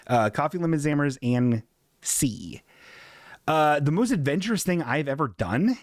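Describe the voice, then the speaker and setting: A man's voice: a little high, expressive, moderate pace, dry recording, studio quality. A man hosting a live comedy stream, rambling loosely in casual chat, cursing freely and laughing at his own jokes.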